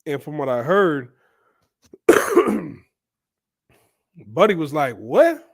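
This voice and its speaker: A man's voice: on the high side, lively intonation, extremely slow, gravelly, a bit bright. A man, telling a story in a loose, chatty way, full of fillers and restarts. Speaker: vlogger. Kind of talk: casual storytelling.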